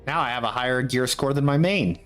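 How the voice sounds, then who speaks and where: A man's voice: medium pitch, a little fast, fairly bright tone, soft background music. A young man streaming a game, muttering to himself and rambling with lots of fillers in casual commentary.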